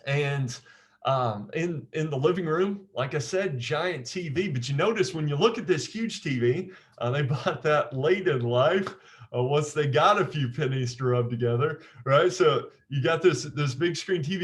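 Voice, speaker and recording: A naval officer explains a memory technique in a casual, conversational manner, speaking at a measured pace in a slightly high voice. He frequently repeats phrases and asks "right?" to check in.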